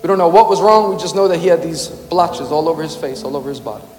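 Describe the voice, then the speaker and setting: A man preaching a sermon with passion, shouting at times and firing rhetorical questions at the congregation. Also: fairly high pitch, fairly even intonation, fast. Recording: long hall reverb with music underneath.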